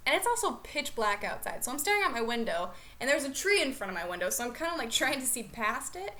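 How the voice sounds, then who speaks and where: A young woman vlogger telling a funny story in a chatty, animated way. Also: sits high, fast. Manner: chatty, animated, lots of "like" fillers. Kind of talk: comedic storytelling vlog.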